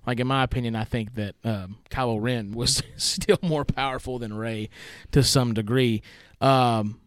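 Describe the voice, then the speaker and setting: A man's voice: mid-range voice, fairly even intonation, a little slow, clear, resonant tone, dry recording. A man co-hosting a podcast, arguing his opinions emphatically in casual chat full of "like" fillers. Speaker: podcast co-host.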